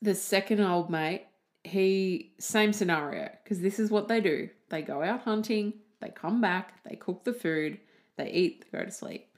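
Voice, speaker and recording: A woman's voice: medium pitch, unhurried. An Australian woman hosting a podcast, telling a story in a chatty, jokey way and laughing at her own asides. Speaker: podcast host.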